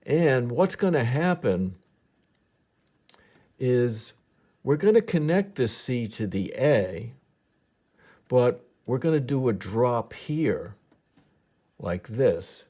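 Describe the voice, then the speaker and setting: A man's voice: mid-range voice, lively intonation, slow, pauses often, warm tone. A man teaching a piano lesson step by step, patiently counting beats aloud as he demonstrates, with piano notes behind him.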